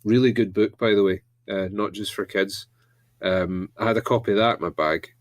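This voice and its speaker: A man's voice: lowish voice, fairly even intonation, normal speed, no echo. A man co-hosting a casual podcast chat, telling rambling anecdotes. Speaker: podcast co-host.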